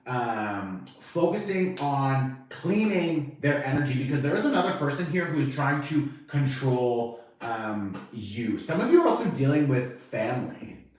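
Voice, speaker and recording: A man giving a casual, animated tarot reading to camera, chatty and swearing now and then, acting out the reactions he quotes. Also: mid-range voice, measured pace, far from the mic. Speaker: tarot reader. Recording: very echoey room, voice off-mic.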